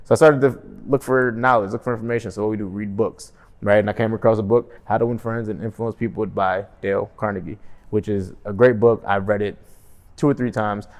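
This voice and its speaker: A young man talking casually to his vlog audience, often tagging his points with "right?" and calling himself monotone. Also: on the low side, fairly quick. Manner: conversational, frequent "right?" tag questions, self-described monotone. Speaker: real estate wholesaler and vlogger. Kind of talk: casual motivational vlog talk.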